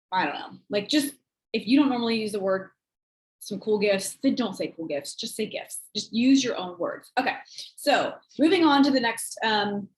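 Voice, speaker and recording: A woman and sales team leader giving casual coaching talk, chatty and rambling, acting out quoted texts in a higher voice. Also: echoey room, low-quality recording.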